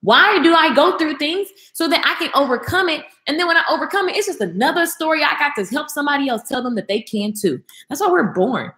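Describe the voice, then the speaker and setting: A young adult woman hosts a casual livestream, chatting with viewers and responding to their comments. She's animated, talks quickly with few pauses, and her voice swings high when she gets excited. The room is echoey.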